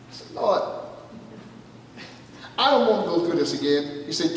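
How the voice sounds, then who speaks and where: A high-pitched man preaches a testimony, playing out each voice in his story and checking in with the congregation. He sounds distant, caught from across a church hall with a long, booming reverb and a faint hiss underneath. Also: animated, brisk, pauses often. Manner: storytelling, acting out dialogue, calls out "you listening?". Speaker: pastor. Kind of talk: testimony sermon. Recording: echoey hall from far off, faint noise.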